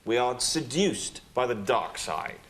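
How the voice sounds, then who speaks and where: A man's voice: medium pitch, very animated, measured pace, a bit bright, slight background noise. A man on a comedy panel, chatting along in an agreeable way. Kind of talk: comic panel debate.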